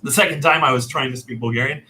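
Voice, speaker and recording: A man casually telling a personal story, animated and self-deprecating, laughing often. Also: medium pitch, fast talker, poor audio. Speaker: storyteller host.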